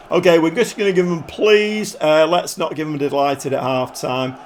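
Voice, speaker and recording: A man commentating his football management game like a pundit, breaking into excited outbursts at the goals. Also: on the high side, normal speed, few pauses, a little hiss or hum. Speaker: gaming YouTuber.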